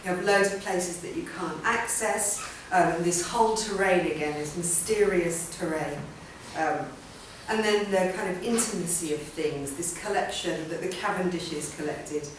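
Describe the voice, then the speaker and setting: A woman with a fairly low voice talks through her artwork in a rambling, conversational way, full of ums and half-finished sentences. She is picked up from some distance in a very reverberant hall, and a faint room hum sits underneath. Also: normal speed, hardly any pauses. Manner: chatty, rambling, many ums and restarts. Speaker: artist giving a talk. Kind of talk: informal public talk. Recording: roomy hall sound from a distant mic.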